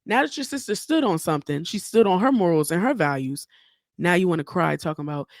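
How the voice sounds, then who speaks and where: A woman's voice: mid-range voice, sing-song, moderate pace, no room sound. A woman host sounding off alone on a podcast, blunt and fired up, cursing freely as she makes her case. Her mid-range voice sits close and dry on the mic, with no room sound around it. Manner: blunt, heated and profane, with frequent asides. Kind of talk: solo opinion commentary.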